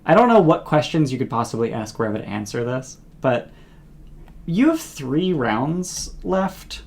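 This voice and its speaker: Casting note: woman running a tabletop game, slow and unhurried, stops and restarts mid-thought. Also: rumbling low, sing-song, darkish tone. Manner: halting, with many fillers and restarts. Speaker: game master.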